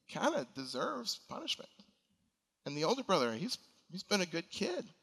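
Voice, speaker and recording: A pastor delivers a sermon with an earnest, pleading intensity, his bright, forceful voice carrying through a church sanctuary. A long reverb trails each phrase, as from a large hall. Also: a little high, sing-song, fast. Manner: earnest preaching, rising to emphatic appeals.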